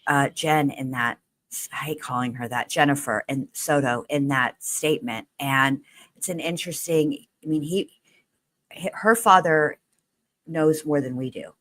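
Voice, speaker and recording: A woman's voice: low-pitched, unhurried, a bit bright. A woman co-hosting a casual true crime chat, talking bluntly and swearing as she gets heated. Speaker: true crime podcast co-host. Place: home studio, livestream.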